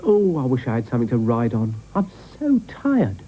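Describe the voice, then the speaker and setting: A man's voice: mid-range voice, wildly swooping pitch, normal speed, mellow, low-quality recording. A British man voicing a small, nosy male snail with an eager, whiny manner in a cartoon. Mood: chirpy.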